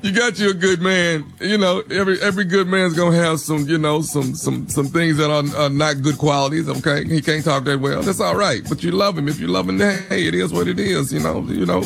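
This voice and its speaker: A man's voice: on the high side, a little fast, gravelly, few pauses, a bit bright, soft background music. A man co-hosting a show, giving casual, laid-back advice and often repeating himself.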